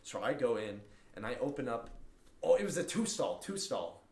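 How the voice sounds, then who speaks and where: A young man co-hosting a casual podcast, telling a story with animated delivery and loud acted-out quotes. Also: medium pitch, moderate pace. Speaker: podcast co-host. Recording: roomy echo.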